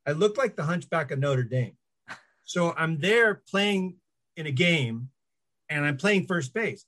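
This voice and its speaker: A middle-aged guest speaks at a measured pace in a voice that's a little high. He relates animated stories during a laid-back interview, acting out the voices of people he quotes.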